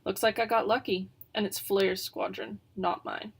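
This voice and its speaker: A woman's voice: mid-range voice, fairly even intonation, normal speed, vocal fry, breathy edge. A woman voicing a sly, easygoing young female bird who has run off from her flock, in a storybook reading. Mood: offhand.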